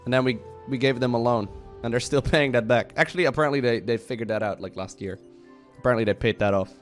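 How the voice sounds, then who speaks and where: A man's voice: medium pitch, quick pace, faint music behind. A young man from the Netherlands, casually retelling history as a streamer in a playful, slangy way, acting out quotes in goofy voices.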